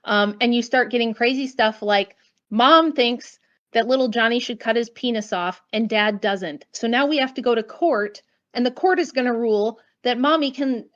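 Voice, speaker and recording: A woman's voice: fairly high pitch, fairly bright tone, highs cut off. An American woman, a guest author, giving blunt, emphatic opinions in an interview with casual asides. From United States.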